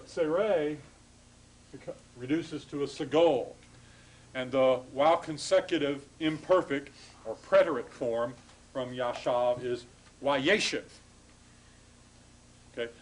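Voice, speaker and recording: A man's voice: mid-range voice, a little hiss or hum, poor audio. A man giving a classroom lecture to students, explaining patiently with frequent hesitations and restarts.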